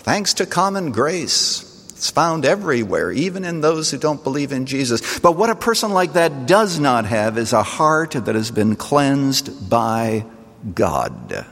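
Male pastor, mid-pitched, earnest sermon delivery with rising emphasis and quiet drops, long hall reverb. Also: big pitch swings, unhurried. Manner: earnest preaching, swells on key phrases and drops low and soft.

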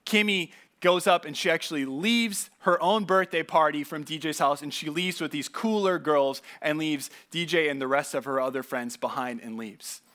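A pastor giving a conversational sermon, telling stories casually with asides and repeated words. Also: male voice, a little high, normal speed, hardly any pauses, a bit bright.

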